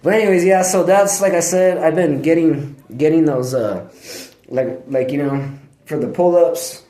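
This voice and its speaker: A man's voice: fairly high pitch, normal speed, dark tone. A man vlogging in casual, rambling talk, laid-back and profane, laughing often. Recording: echoey room.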